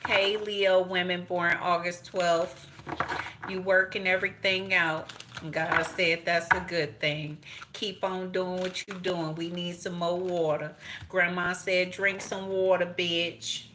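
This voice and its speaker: A middle-aged woman giving a casual tarot and astrology reading, blunt and profane, animated and laughing often. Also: fairly low pitch, slow pace, noisy background. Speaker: tarot reader.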